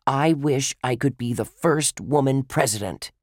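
A man's voice: medium pitch, measured pace, no room sound, clean studio sound, voice pushed up, lightly acted. A man voicing a bold, spirited young girl detective who talks hopefully.

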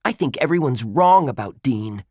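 A man's voice: medium pitch, lively intonation, moderate pace, a little mellow, no room sound, studio quality, voice pushed up, close to an everyday voice. A man voicing an earnest young boy detective who reasons things out aloud.

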